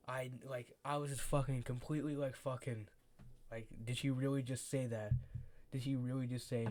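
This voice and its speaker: A teenage guy chatting through a casual storytime vlog. He rambles, drops plenty of fillers and swears freely, and his voice sits at an ordinary male pitch. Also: moderate pace, a little mellow. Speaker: vlogger.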